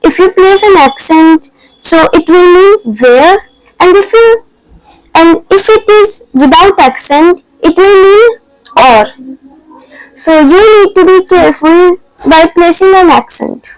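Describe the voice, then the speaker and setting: A woman's voice: extremely high pitch, lively intonation, slow pace, no room sound, faint music behind, poor audio. A woman teaching an online French lesson, explaining patiently step by step in non-native English phrasing.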